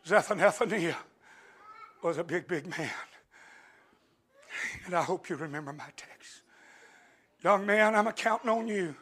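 Male preacher, very high and bright, gravelly, swings from hush to shout, amen after amen. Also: a little slow, pauses often. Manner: impassioned, swings between hushed and shouting, peppered with amens. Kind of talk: Pentecostal-style sermon.

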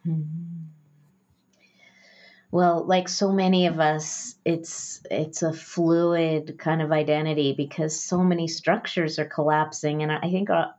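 A middle-aged woman answers thoughtfully in a measured way. Her voice is unusually low, and the recording sounds dull and muffled. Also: level tone, darkish tone. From United States. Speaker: guest author. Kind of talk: reflective interview talk.

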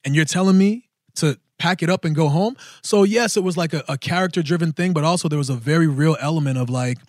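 Male podcast host in his thirties, lively raconteur who acts out quotes, slightly raised pitch, dry studio sound. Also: quick pace, no room sound. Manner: animated, acts out quoted voices. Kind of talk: casual storytelling chat.

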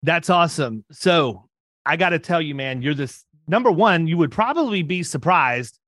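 A man in his fifties hosts an interview in a relaxed, rambling way. He often restarts his sentences, and his voice runs slightly high. The recording is dry, with no room sound. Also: normal speed, dry recording. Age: 50s. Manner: talkative, rambling with frequent restarts. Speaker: podcast host. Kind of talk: casual interview chat.

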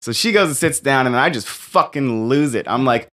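Animated, profane young man. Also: mid-range voice, normal speed. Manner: profane, animated storytelling with shouted rants. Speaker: comedian guest. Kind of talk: casual podcast chat.

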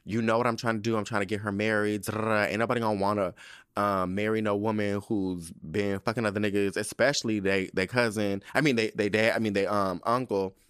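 Male podcast host, low-pitched and dry, doing animated, profane episode-recap commentary. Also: brisk, clear, resonant tone, no room sound. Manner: animated, profane, slangy storytelling.

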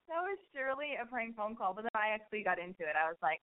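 A woman's voice: medium pitch, big pitch swings, very fast, hardly any pauses. Rambling, cursing woman host on a thin line. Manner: rambling, blunt and swearing, jokey. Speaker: radio call-in host. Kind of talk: casual call-in chat. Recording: thin phone-like sound.

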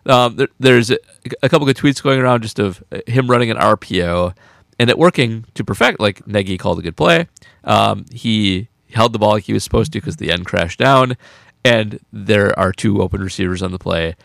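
A man co-hosts a casual sports podcast with a gravelly, lively voice. He is chatty and gleeful and laughs often. The sound is dry and close. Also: lowish voice, normal speed, dry recording. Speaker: podcast co-host, football writer.

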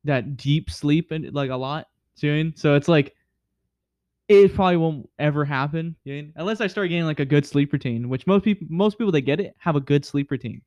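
A man's voice: on the high side, normal speed, darkish tone, dry recording, lo-fi sound. A young man in casual chat, telling stories in a rambling way, with lots of fillers like "you know what I mean".

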